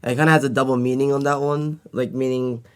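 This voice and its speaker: A man's voice: medium pitch, fairly even intonation, quick pace, clean tone. A man co-hosting a casual podcast, rambling with lots of filler words. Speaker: podcast co-host.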